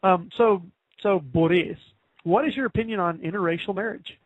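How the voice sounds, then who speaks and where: A male podcast host chatting casually, his voice sitting a touch high. He rambles through fillers and restarts and laughs easily. The audio is dry, narrow and phone-like. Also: normal speed, no room sound. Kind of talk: casual chat.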